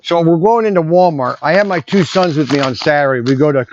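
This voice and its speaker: A man talks in a loose, rambling way, often restarting his sentences, as he packs orders in his shop. His voice sits a little high for a man. The recording is somewhat dull and lo-fi, with a faint hiss behind him. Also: fast talker. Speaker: toy shop owner. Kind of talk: casual vlog while packing orders. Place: indoor shop packing area. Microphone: separate mic system away from the camera.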